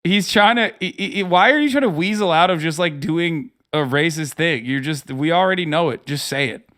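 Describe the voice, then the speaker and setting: Streamer in his thirties, reacting with profanity and exasperation; higher-pitched voice. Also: fairly quick, a bit bright. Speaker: livestream host. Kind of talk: reaction commentary.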